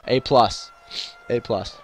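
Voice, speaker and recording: A young man giving profane let's-play commentary, excitable, yelling and swearing at the game, a bit congested and coughing. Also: mid-range voice, takes it slowly. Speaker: gaming YouTuber.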